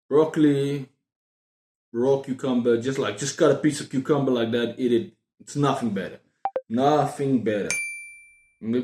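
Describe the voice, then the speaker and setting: A man's voice: medium pitch, dark tone. A man chats to camera in a loose, rambling way, drifting into playful tangents. His voice sits in a mid register and carries a noticeable roomy echo, as if he were in a bare room at home. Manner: rambling, jokey asides and tangents. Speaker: book vlogger. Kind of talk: casual rambling monologue to camera.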